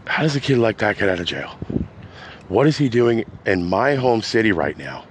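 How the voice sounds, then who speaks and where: A man's voice: big pitch swings, normal speed, noisy background. Agitated rambling man ranting. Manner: agitated, rambling, swings between loud outbursts and low mutters. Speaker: podcast host. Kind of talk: unscripted rant.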